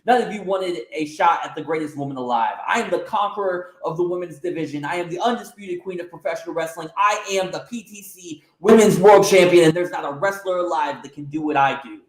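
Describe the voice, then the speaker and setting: A haughty, taunting female wrestling champion, put on by a man in a raised, somewhat higher voice. She brags without pause and sneers at everyone around her. The room adds a roomy echo. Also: natural voice. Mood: boastful.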